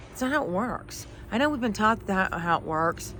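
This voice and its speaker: A woman's voice: medium pitch, expressive, a little fast, hardly any pauses, a bit bright, a little hiss or hum. A middle-aged woman, a life coach, telling a personal story in an emotional, heartfelt way. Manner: emotional, heartfelt, teary at times.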